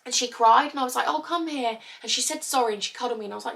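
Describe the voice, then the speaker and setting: A woman's voice: on the high side, racing, gravelly, fairly bright tone. A young mother chatting casually and openly, emotional and confessional as she talks. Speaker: vlogger. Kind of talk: casual chat.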